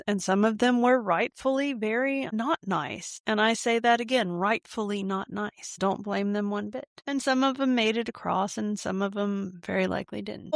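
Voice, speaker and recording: A woman's voice: medium pitch, creaky, no echo, clean studio sound. A woman hosting a casual solo podcast, talking in a wry, irreverent way full of joking asides. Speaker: podcast host.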